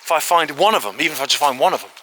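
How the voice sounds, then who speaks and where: Man, vlogger walking through fields and woods, chatty and excitable, very bright voice, slightly higher pitch. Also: rapid-fire, slight background noise. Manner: chatty and excitable, with frequent filler asides. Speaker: host of walking exploration videos. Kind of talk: casual walk-and-talk to camera. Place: outdoors in fields, woods and an old quarry.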